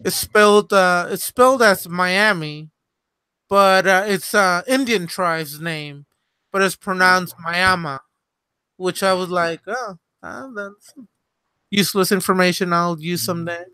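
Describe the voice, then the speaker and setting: A man's voice: sits high, measured pace, sharp tone, clear, resonant tone, no room sound. A man from Florida chatting casually on a podcast, snappy and profane. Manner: snappy, mock-irritated, profane. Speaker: podcast co-host. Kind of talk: casual crude chat.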